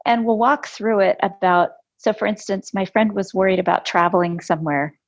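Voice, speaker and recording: A woman's voice: medium pitch, normal speed. A woman hosting a podcast interview, a life coach telling stories about her clients in a conversational way. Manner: storytelling, animated when recounting conversations. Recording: dull lo-fi audio.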